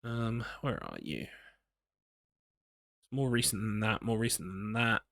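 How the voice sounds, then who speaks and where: A man's voice: lowish voice, big pitch swings, a little slow, creaky, fairly bright tone, no room sound, clean studio sound. An English man streaming a horror game, chatting casually and rambling, teasing himself as he reads his chat. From England. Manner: rambling, self-mocking, talks to himself.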